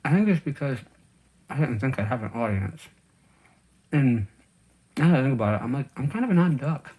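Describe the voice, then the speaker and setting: A man's voice: medium pitch, expressive, a little fast, mellow, husky. A man vlogging casually while he eats, rambling with lots of fillers and talking with food in his mouth. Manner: rambling, with many fillers and restarts. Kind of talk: casual chat while eating.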